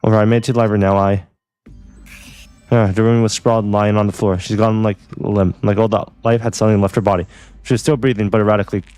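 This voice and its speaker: A man reading a visual novel story aloud as its narrator, plain and rapid, over faint music. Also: lowish voice, level tone, a little mellow, no echo.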